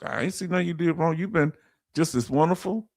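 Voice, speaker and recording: Lively man hosting a livestream. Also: on the high side, a little fast, no echo, clean studio sound. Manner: lively, animated, reads chat aloud, laughs often. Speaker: livestream host. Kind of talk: casual livestream chat reading comments.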